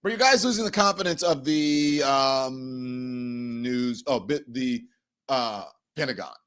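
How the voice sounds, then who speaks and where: A man's voice: slow, a bit bright, clear, resonant tone. A middle-aged man hosting a talk show, chatting loosely and repeating words as he goes. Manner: chatty, repeats words, swings from sponsor pitch to heated rant. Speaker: show host. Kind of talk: casual talk show monologue.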